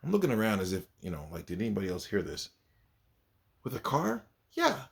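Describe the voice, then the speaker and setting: A man's voice: sits low, very fast, vocal fry. A man, a kindergarten teacher, telling stories from his class in a casual vlog and acting out his pupils. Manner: animated, acts out his pupils.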